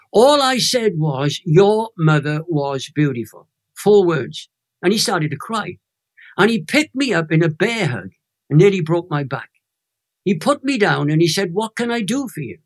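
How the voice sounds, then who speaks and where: A Welsh man in his eighties, an evangelist emphatically telling a personal faith story in a chat interview. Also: fairly high pitch. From Wales. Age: 80s. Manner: animated storyteller, emphatic and emotional. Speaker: guest evangelist.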